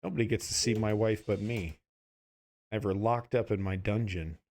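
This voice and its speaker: A man's voice: fairly low pitch, normal speed, darkish tone, soft background music. A sleepy man streaming a game, rambling through goofy, profane banter as he plays. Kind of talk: casual gameplay commentary.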